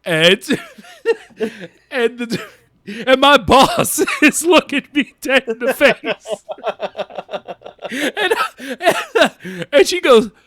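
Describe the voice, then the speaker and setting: A man's voice: very high-pitched, drawn-out words, long pauses, no echo, clean studio sound. A man on a podcast telling stories in a casual chat, laughing often and drawing out his punchlines. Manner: animated, laughs often mid-story. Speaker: podcast co-host.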